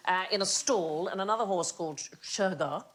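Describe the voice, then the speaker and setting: A woman's voice: mid-range voice, a little fast, a bit bright. A woman hosting a TV quiz show, explaining odd facts with amused enthusiasm. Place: TV studio with audience. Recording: studio audience laughter behind.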